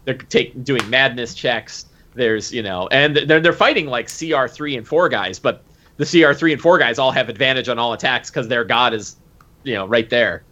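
A man who runs a tabletop game, recapping a session in casual, animated chat with lots of fillers. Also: medium pitch, moderate pace. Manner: animated, full of fillers and acted quotes. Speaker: game master. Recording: dull lo-fi recording.

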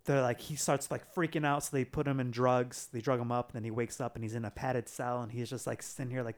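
Guy chatting loosely, lots of likes and uhs, mid-pitched voice. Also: little pitch movement, quick pace, hardly any pauses. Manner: rambling, many fillers like "like" and "uh". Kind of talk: casual chat, retelling a comic plot.

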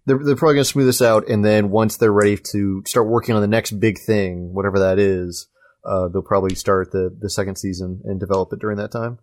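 A man's voice: fairly low pitch, fairly even intonation, quick pace, darkish tone. A man hosting a casual gaming podcast, speaking hesitantly with frequent stammered restarts. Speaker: podcast host.

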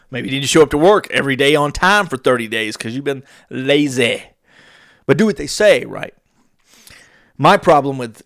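A man's voice: medium pitch, dry recording. Man telling a story, dry close sound. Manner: animated storyteller acting out quoted dialogue. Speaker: podcast host. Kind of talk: storytelling monologue.

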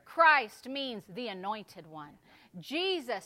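A woman pastor delivers a sermon in a bright, somewhat high voice. She moves between soft, hushed passages and loud, fervent exhortation, with an edge of tension in her tone. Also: expressive, a little slow.

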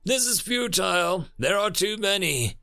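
A weary insectoid alien soldier, as a male narrator voices him, lifted well above the man's normal pitch and a touch louder. His speech is formal and clipped, like a report given to a superior. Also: animated, normal speed, faint music behind, full character voice. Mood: exasperated. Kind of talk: audiobook-style story narration.

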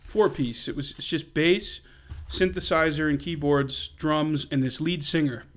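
A man's voice: fairly high pitch, measured pace. Enthusiastic podcast co-host man. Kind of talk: casual chat.

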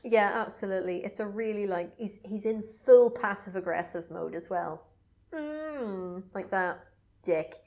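With a medium-pitched voice at a moderate pace, a woman on a podcast, where she's a co-host, casually recounts a movie plot. She's an animated storyteller who swears freely and bursts into mock voices.

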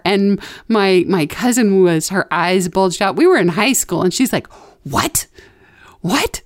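A woman's voice: medium pitch, normal speed, no room sound, studio quality. A woman co-hosting a casual parenting podcast, telling stories and acting out the people she quotes. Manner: animated storyteller, acts out quotes. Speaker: podcast co-host.

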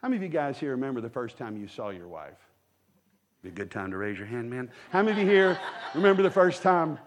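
A male pastor preaches a storytelling sermon in a church sanctuary before a live congregation, sharing personal stories in a folksy, joking way. He tosses quick asides to the congregation. His voice is medium-pitched with big swings in pitch.

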